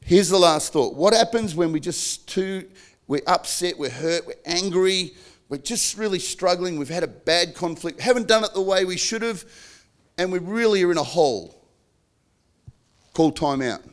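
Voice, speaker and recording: A middle-aged man preaching an earnest sermon on marriage, acting out quarrels between spouses in sudden shouted bursts. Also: high-pitched, lively intonation, moderate pace. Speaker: pastor.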